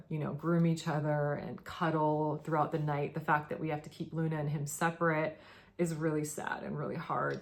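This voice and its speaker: A tired, emotional woman giving a casual to-camera update on her pets, halting with many fillers and restarts. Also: low voice. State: tired from lack of sleep. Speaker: pet owner vlogger.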